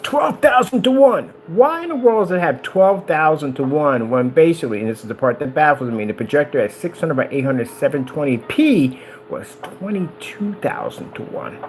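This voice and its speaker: Excitable guy rambling about gear, voice jumps all over, bit of hiss behind. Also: fairly high pitch, normal speed. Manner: excitable, rambling, wanders off topic. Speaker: business owner reviewing projectors. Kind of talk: casual rambling talk.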